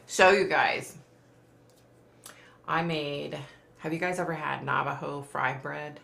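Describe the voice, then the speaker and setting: A woman's voice: low-pitched, flat delivery, takes it slowly, gravelly, a bit bright. A middle-aged woman hosting a casual livestream, chatty and laughing often as she reads viewer comments aloud. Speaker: livestream host. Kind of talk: casual live chat. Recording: echoey room.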